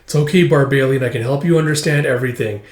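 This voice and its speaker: A man's voice: medium pitch, fast talker, a little mellow, echoey room, natural voice. A man voicing a brave young heroine. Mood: earnest.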